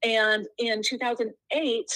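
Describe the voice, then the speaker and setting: A woman's voice: on the high side, flat delivery, unhurried, pushed and bright, dry recording, low-quality recording. A woman interior designer speaking as a podcast guest in a gracious, conversational way.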